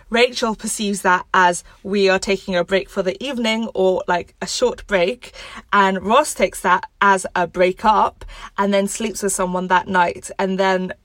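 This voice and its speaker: A woman's voice: medium pitch, dry recording. A woman hosting a show, giving relationship advice in a direct, analytical and firm way. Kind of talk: explanatory advice commentary.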